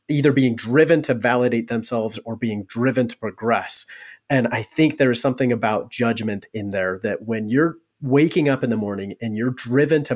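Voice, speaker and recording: Thoughtful male podcast host. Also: mid-range voice. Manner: thoughtful, reflective, builds on the guest's points. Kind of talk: podcast interview talk.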